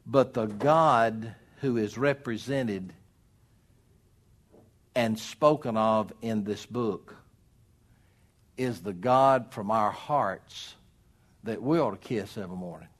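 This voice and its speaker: A middle-aged pastor delivers his sermon in a somewhat low voice. He lurches between loud, emphatic bursts and hushed asides, talking straight to his congregation. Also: slow, long pauses. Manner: preaching with sudden loud emphatic rises and drops.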